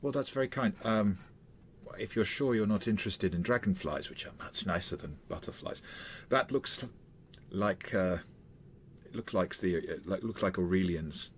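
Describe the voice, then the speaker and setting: A man's voice: low-pitched, moderate pace, slight background noise, lightly acted. A man voicing a small woman who sells insects, pushing her wares with a Peruvian accent. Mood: eager. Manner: pushy, chatty sales patter. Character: small female insect seller, eager saleswoman.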